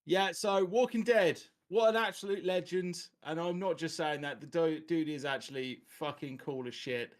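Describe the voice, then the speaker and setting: A man with a fairly high voice chats loosely on a podcast. He rambles, swears casually and laughs between thoughts. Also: normal speed, hardly any pauses. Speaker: podcast host.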